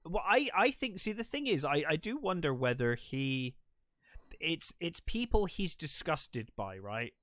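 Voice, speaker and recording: A man talking through a movie on a podcast, his pitch rising and falling a lot as he retells scenes. The sound is dry and close, with no room echo. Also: big pitch swings, a little slow, a bit bright. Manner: retells scenes with quoted voices, many fillers. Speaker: podcast co-host. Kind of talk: casual film discussion.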